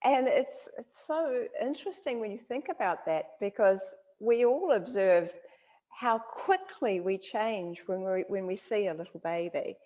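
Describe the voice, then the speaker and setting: A woman with a New Zealand accent hosting an interview, telling lively stories and laughing often. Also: mid-range voice, a little slow. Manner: animated storyteller, laughs often. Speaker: interview host. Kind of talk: casual conversational interview.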